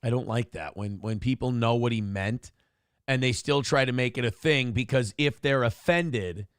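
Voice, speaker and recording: A man hosting a morning talk show in casual chat, rambling and animated, swearing freely with lots of fillers. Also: mid-range voice, moderate pace, smooth, no echo, clean studio sound.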